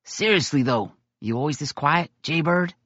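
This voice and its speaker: A man putting on a cheerful boy at a boarding school, a playful teaser with a grin in every line. The voice sits well above a grown man's own pitch, lively and bright. The audio is dull and dry, like a home lo-fi reading. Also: normal speed, dry recording. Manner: teasing, playful.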